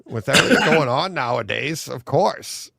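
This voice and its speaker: A man's voice: mid-range voice, lively intonation, normal speed, gravelly, heavy background noise. A man co-hosting a casual live-stream chat, teasing his partner with dry banter. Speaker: co-host. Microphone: remote video-call mic.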